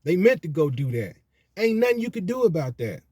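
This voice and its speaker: A man's voice: high voice, very animated, fairly quick, mellow, slightly rough, no room sound. Preachy man, dry close sound. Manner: preachy, repetitive "you know what I'm saying". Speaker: commentator on religion. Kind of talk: casual monologue.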